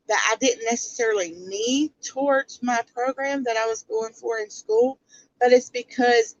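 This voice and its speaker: Woman, stream host; unhurried delivery, lively pitch, calls things out bluntly. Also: lo-fi sound. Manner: blunt, rhetorical questions to viewers. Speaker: livestream commentary host. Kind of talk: casual livestream commentary.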